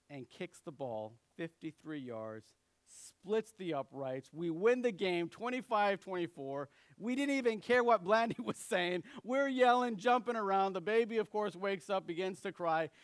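High-voiced man telling a sermon story. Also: dry recording. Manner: animated storyteller, acts out quoted voices. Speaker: pastor.

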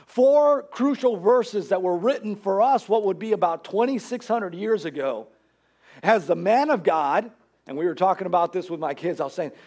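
A man's voice: high-pitched, expressive, normal speed, a little mellow. A man preaching a Sunday sermon as pastor, earnest and conversational, building emphasis as he goes. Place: church.

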